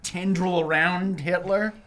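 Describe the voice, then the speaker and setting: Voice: mid-range voice, fairly even intonation, unhurried, crowd noise. A player in a tabletop game, talking casually and joking, with frequent laughter.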